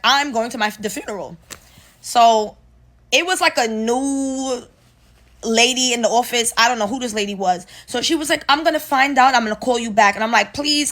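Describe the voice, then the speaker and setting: A young woman with a slightly high voice speaks in a lively, unfiltered storytime monologue. She talks straight to her viewers and swears freely. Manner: animated, profane, addresses viewers as y'all. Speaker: storyteller vlogger.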